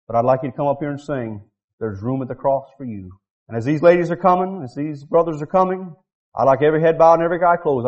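A man preaching a revival sermon in church, swinging from quiet pleading to shouted, drawn-out climaxes. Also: medium pitch, dull audio.

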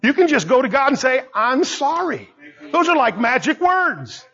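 Male preacher, high and lively voice, punchy repetitions, dull lo-fi recording. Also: brisk. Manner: emphatic, repeats phrases, swings between soft asides and loud exclamations. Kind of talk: sermon.

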